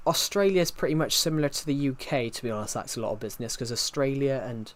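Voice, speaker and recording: A man's voice: mid-range voice, expressive, quick pace. A man, chatting casually on a live stream, answering chat with many fillers and restarts. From England.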